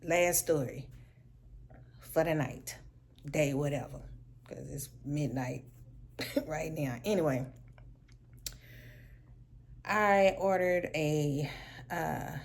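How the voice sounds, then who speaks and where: A woman telling a casual storytime vlog at home, animated and sassy, laughing often. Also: deep voice, takes it slowly, pauses often. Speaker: vlogger.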